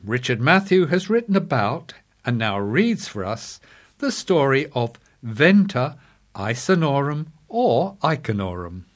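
A male presenter introduces the regular history spot and its reader. His pitch moves around a lot and his delivery sounds lively. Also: measured pace. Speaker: radio presenter. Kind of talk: introducing a segment.

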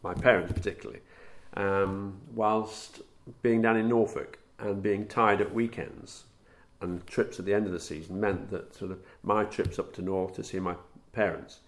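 A middle-aged man, a former footballer, recalling anecdotes in a relaxed interview, chuckling at his own stories. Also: low voice, moderate pace. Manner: warm storyteller, chuckles at his own tales.

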